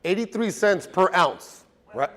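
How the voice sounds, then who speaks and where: A man runs a car detailing class in front of a live group. His voice sits a bit high. He teaches in a loose, joking way, with plenty of stories. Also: big pitch swings, a little slow, a bit bright, in a large hall. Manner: casual, joking, storytelling.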